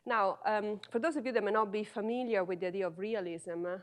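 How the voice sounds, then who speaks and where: A woman in her forties with an Italian accent gives an academic lecture, speaking slowly and deliberately with frequent filler sounds. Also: mid-range voice. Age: 40s. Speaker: guest lecturer, philosophy professor.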